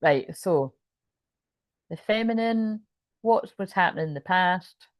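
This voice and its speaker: A woman's voice: on the low side, animated, slow pace, no room sound. Rambling, swearing woman tarot reader. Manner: rambling, casual, swears freely; keeps checking in with "you know what I mean". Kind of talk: live tarot reading stream.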